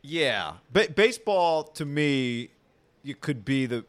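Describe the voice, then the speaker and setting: A man co-hosting a sports podcast in relaxed, casual chat. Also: mid-range voice, slow pace, no echo. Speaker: podcast co-host.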